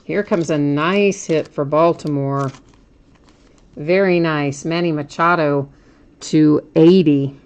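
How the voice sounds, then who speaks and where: A woman's voice: low voice, steady tone, slow, a little mellow, clean tone. A woman hosting a card break, chatting casually as she names each card she pulls and laughs at her own slips.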